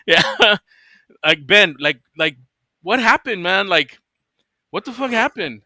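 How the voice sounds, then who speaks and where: Guy hosting a chat, super bright voice, swears a ton while he rants, dry mic. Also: high voice, lively intonation, takes it slowly, no room sound. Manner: profane, ranting, laughs often. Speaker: podcast host. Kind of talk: casual chat.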